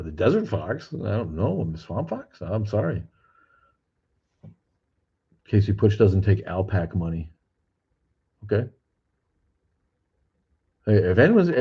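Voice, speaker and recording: Low husky older man streaming. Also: lo-fi sound. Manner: rambling, profane and blunt. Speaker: livestream host. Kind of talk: casual livestream chat, reading comments aloud. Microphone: streaming cameras.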